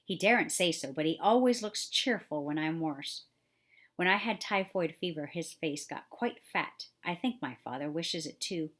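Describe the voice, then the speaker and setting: A woman's voice: low voice, lively intonation, moderate pace, a bit bright. A woman voicing a sickly, restless rich boy who talks crossly about being ill. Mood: fretful. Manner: restless, cross, self-pitying. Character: sickly, fretful young rich boy, bedridden.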